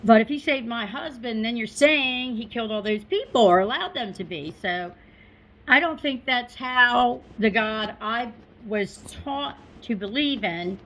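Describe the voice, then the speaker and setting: Slow-spoken, high-voiced middle-aged woman. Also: animated, rough recording. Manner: unhurried and conversational, with asides and soft laughs. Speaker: storyteller. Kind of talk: personal recollection, told to an audience.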